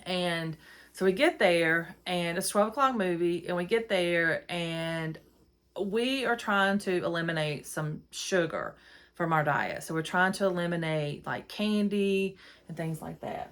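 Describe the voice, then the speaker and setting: A woman's voice: on the low side, unhurried, a bit bright. A middle-aged woman, hosting a podcast and telling a rambling, exasperated story into her phone. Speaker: podcast host. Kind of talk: casual storytelling monologue.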